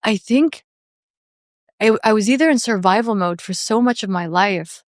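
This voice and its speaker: A woman's voice: medium pitch, moderate pace, no room sound. Earnest woman, dry close sound. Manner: earnest and reflective, many "like" fillers. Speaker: podcast guest. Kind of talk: candid podcast conversation.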